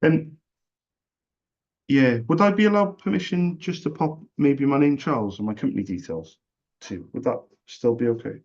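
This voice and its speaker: A man's voice: mid-range voice, normal speed, darkish tone, lo-fi sound. Chatty, jokey salesman on a call. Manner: chatty, jokey and self-deprecating. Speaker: salesman making a cold call. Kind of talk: friendly sales phone call.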